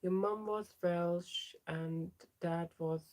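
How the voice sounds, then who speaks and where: A young trans woman talks casually on her livestream, reading out viewers' names and replying to each one. Her voice sits on the low side. She sounds close to a home streaming mic. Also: fairly even intonation, takes it slowly, a little mellow. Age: young adult. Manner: chatty, reads out viewer names and answers them. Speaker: livestream host.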